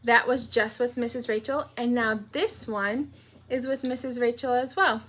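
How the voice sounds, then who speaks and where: A young woman teaching a pre-K morning meeting, talking gently and in a sing-song way to small children. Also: on the high side, steady tone. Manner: slow, gentle and sing-song, breaking into cheerful songs.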